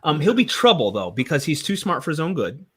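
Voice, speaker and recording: A man talking casually on a panel as a comics writer, rambling and halting with frequent restarts and fillers. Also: fairly high pitch, big pitch swings, fairly bright tone, husky. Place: online panel session.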